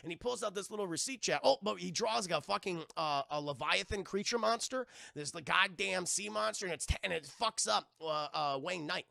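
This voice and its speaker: Energetic, gravelly, foul-mouthed man. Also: high-pitched, a little fast, hardly any pauses, dry recording. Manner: energetic, profane, animated. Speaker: livestream cartoon reviewer. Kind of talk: casual live-stream recap.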